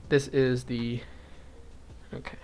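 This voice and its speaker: A man's voice: medium pitch, level tone, slow, a little mellow, a little hiss or hum. A young man in casual chat, thinking aloud and going off on tangents as he crochets, with frequent chuckles. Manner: rambling, goes off on tangents; chuckles often, thinks aloud while counting stitches. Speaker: vlogger.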